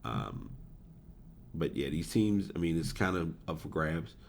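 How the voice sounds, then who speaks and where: Very deep-voiced man hosting a podcast. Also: expressive, a little slow, vocal fry, a little hiss or hum. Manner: rambling, self-correcting, chuckles at himself. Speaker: podcast host. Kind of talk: casual solo podcast talk about esports. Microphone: desk USB microphone.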